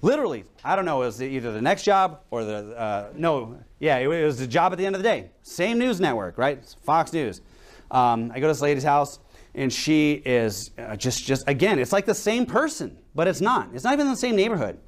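Male preacher, young adult, higher voice, animated swings, anecdotal sermon delivery with rhetorical questions. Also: fairly quick.

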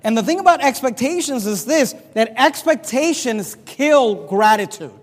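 A pastor delivers an animated sermon in a very high voice, reading scripture and playing out its characters. His words ring through a church hall with a long reverb tail. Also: normal speed. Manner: animated preaching, reads scripture aloud, acts out characters.

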